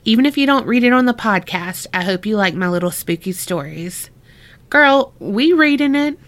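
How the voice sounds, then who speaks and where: A woman's voice: medium pitch, a little fast. A woman co-hosting a casual podcast, reading listener stories aloud, laughing often and swearing freely. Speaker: podcast co-host.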